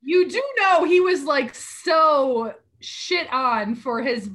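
Woman, high pitch, podcast co-host, casual animated chat. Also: slow pace.

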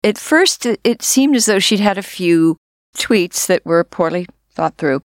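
A woman's voice: medium pitch, expressive, unhurried, no echo, clean studio sound. A woman co-hosting a podcast in casual chat, teasing her partner and giving blunt opinions. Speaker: podcast co-host. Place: studio.

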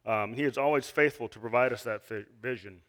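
A man's voice: medium pitch, brisk, a bit bright. A man giving an earnest sermon, reading scripture and asking the listeners questions, with frequent restarts. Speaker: lay preacher.

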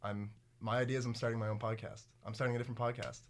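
A man's voice: medium pitch, level tone, very fast, a little hiss or hum. A young man co-hosting a campus radio podcast in goofy, teasing casual chat, laughing often. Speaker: podcast co-host.

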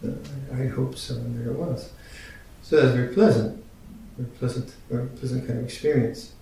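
Older male teacher in his 60s, mellow tone, unhurried dharma talk, picked up from far off in a big echoey room. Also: steady tone, vocal fry. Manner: unhurried, halting, gently humorous. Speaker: Buddhist teacher. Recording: very echoey room, mic at a distance, faint rumble.

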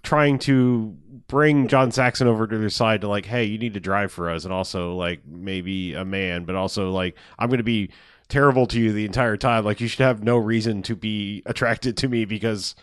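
A man's voice: fairly low pitch, fairly even intonation, normal speed, smooth, no room sound, studio quality. A man casually recapping a movie plot, loose and profane, laughing as he retells scenes. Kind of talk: casual movie review chat.

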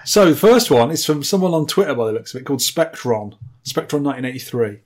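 A man's voice: fairly high pitch, animated, fast, a little mellow. A man co-hosting a podcast, chatting casually with dry, teasing humour. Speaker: podcast co-host. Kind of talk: casual chat.

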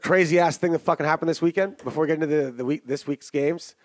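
A man co-hosting a casual sports betting podcast, talking in a profane, animated ranting way. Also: a little high, fast, hardly any pauses, no room sound. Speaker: podcast co-host.

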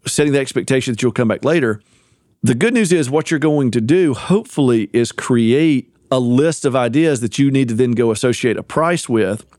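A man's voice: medium pitch, normal speed, a little mellow, no echo, clean studio sound. A man co-hosting a marketing podcast, talking casually and explaining business advice at length. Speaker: podcast co-host. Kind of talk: casual chat.

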